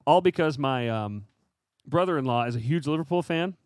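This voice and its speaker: A man co-hosting a casual podcast, chatty and quick to laugh, with lots of fillers. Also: on the high side, lively intonation, clear, resonant tone, no echo, studio quality. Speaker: podcast co-host. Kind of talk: casual chat.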